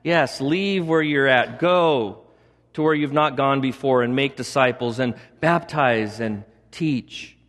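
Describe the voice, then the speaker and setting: A man's voice: mid-range voice, slow pace, fairly bright tone. A male pastor preaching a sermon, repeating points for emphasis and adding chatty asides. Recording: long reverb of a large hall.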